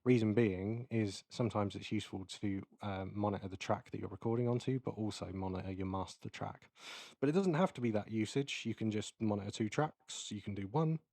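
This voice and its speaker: A man giving a casual, explanatory keynote while demonstrating audio software, with many fillers. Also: on the low side, fairly quick, creaky, no room sound. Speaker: keynote presenter. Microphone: close mic into recording software.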